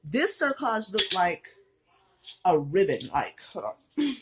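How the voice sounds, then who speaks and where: A woman's voice: on the low side, very animated, slow pace, noisy background. Breathless pregnant woman telling her story. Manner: chatty, candid, many fillers. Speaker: vlogger. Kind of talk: personal story vlog.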